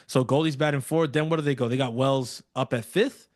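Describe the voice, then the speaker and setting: A man's voice: mid-range voice, fairly quick, dry recording. Opinionated man in a dry close room. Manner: opinionated, loose slang, talks through his points. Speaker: co-host of a fan show. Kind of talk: casual chat.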